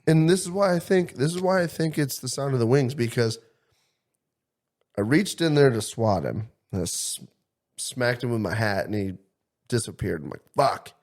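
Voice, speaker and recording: A man co-hosting a podcast, telling a story in a profane, excitable way. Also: mid-range voice, moderate pace. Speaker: podcast co-host. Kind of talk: casual chat, storytelling.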